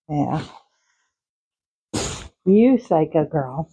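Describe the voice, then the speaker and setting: Husky, cooing woman talking to horses. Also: medium pitch, sing-song, slow, pauses often, warm tone, rough recording. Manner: cooing, affectionate pet talk with kiss sounds. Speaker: horse owner. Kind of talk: casual vlog talking to horses. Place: horse stable. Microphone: handheld microphone.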